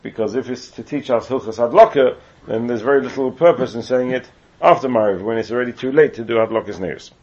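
A fast-talking English man with a medium-pitched, somewhat dark voice teaches Torah, reading the Hebrew and then explaining it in English along with side comments. The Talmudic lecture comes through on a muffled, lo-fi recording.

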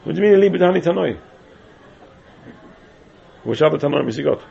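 A man's voice: on the high side, expressive, fast, gravelly, dark tone. A man teaching a Talmud class, chanting phrases in a sing-song way and repeating his questions to the students. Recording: dull lo-fi class recording.

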